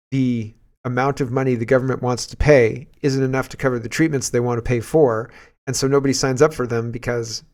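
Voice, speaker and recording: A man's voice: mid-range voice, vocal fry. A man hosting casual political commentary, sarcastic and scoffing, laughing often as he reads and reacts.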